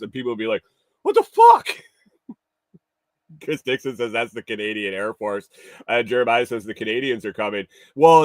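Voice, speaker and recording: A man hosts a casual livestream morning show, reading viewer comments, laughing and swearing often, and restarting his rambling sentences. His voice is medium-pitched, and the recording is dry.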